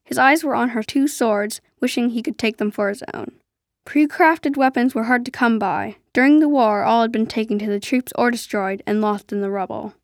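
A woman narrating an adventure story aloud in a steady storytelling way. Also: fairly high pitch, normal speed, no room sound, clean studio sound. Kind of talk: storybook reading.

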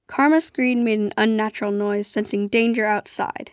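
A woman narrating an adventure story aloud in a steady storytelling way. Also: medium pitch, normal speed, hardly any pauses, no room sound, studio quality. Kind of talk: storybook reading.

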